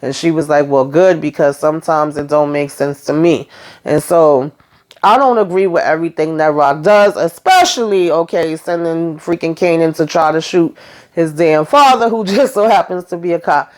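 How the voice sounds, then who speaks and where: Brief: woman vlogger with a deep voice, slangy, relaxed TV recap that acts out the dialogue. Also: moderate pace. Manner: chatty, slangy, retells scenes acting out the lines. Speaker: TV recap host. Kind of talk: casual episode recap.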